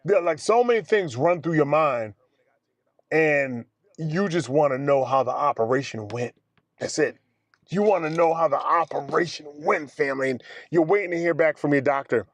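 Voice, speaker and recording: A man telling a personal story casually to his viewers in an animated way, acting out other people's lines as he goes. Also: a little high, moderate pace, no room sound. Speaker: vlogger.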